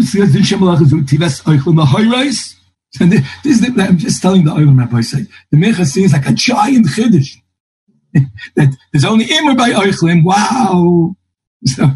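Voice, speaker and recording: A man's voice: sits high, expressive, a little fast, darkish tone, husky, rough recording. A man teaching a Talmud class, thinking aloud and quoting texts in a lilting singsong. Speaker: Torah teacher.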